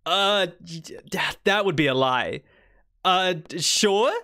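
A woman's voice: on the low side, lively intonation, slow, pushed and bright. A young woman from New Zealand with a mild Kiwi accent, chatting casually and teasing her chat while streaming a farming game. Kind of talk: casual gaming livestream chat.

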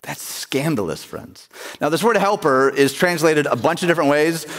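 A man's voice: fairly high pitch, moderate pace, fairly bright tone. A man preaching a sermon as pastor, in a conversational way, often asking the congregation questions. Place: church sanctuary. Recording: long church reverb.

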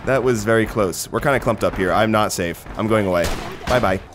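A young man doing casual, excitable gameplay commentary, rambling, swearing and laughing between remarks. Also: lowish voice, brisk. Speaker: gaming commentator. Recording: noisy with game gunfire behind. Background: gunfire and artillery from the game.

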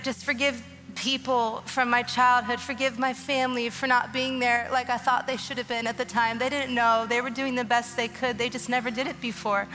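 A woman in her thirties delivers an earnest, emotional testimony sermon, her voice bright and a little high. She speaks into a stage mic in a large church auditorium, with long reverb trailing her words and faint music playing beneath. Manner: emotional, earnest, preaching with rising urgency. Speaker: guest speaker. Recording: long hall reverb with soft music behind.

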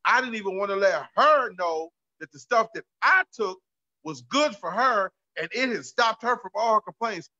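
Excitable woman friend voiced by a man, high emphatic folksy voice, bright and tense, lo-fi. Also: normal speed, full character voice. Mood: earnest.

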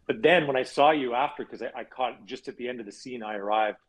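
Male actor, husky tone, chatty anecdotal delivery for a cast video chat. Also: medium pitch, a little fast, rough recording. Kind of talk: casual virtual cast chat.

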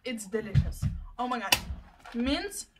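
High-voiced excitable young woman. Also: a little slow, loud music behind the voice. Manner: excitable, gasping exclamations. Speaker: plant and lifestyle vlogger. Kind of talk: casual unboxing chat.

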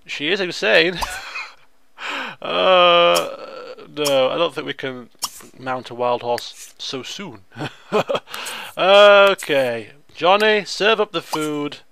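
Male let's-player, high sing-song voice with gravelly edges, unhurried. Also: lively intonation, sharp tone. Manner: theatrical, exclaiming, chatty with game characters. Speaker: let's play host. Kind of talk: excitable gameplay commentary.

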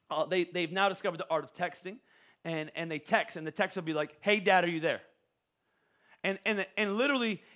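A middle-aged man preaching a joking, animated sermon as pastor, often stammering and restarting his words. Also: sits high. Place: church auditorium.

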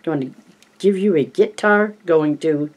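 A reader voicing a loud, joking eleven-year-old boy in an audiobook, clowning through silly put-on voices. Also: medium pitch, measured pace, close to an everyday voice. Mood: screechy. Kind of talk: audiobook reading.

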